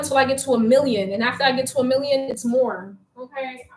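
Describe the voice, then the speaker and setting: A young woman chats candidly and in slang with viewers while livestreaming from her bedroom, out of breath from making her bed. Her voice is a little high and fast, with fairly even intonation. The room sounds echoey, with faint background noise.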